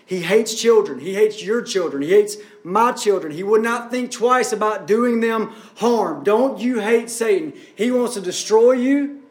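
A man's voice: sits high, a little slow, echoey room. A man preaching a sermon as pastor, building up and easing off in intensity. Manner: preaching with rising and falling intensity.

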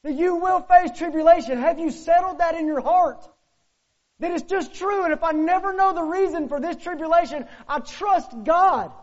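High-voiced man preaching a lively sermon. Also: moderate pace. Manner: animated, rhetorical questions, swings between loud and hushed. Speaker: pastor. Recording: muffled lo-fi sermon recording.

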